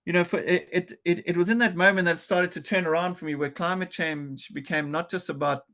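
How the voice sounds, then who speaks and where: A man's voice: sits high, steady tone, brisk, bright, forceful tone. A man from South Africa, a podcast guest, telling a story in an earnest, restless way full of restarts and repeated words. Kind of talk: conversational storytelling.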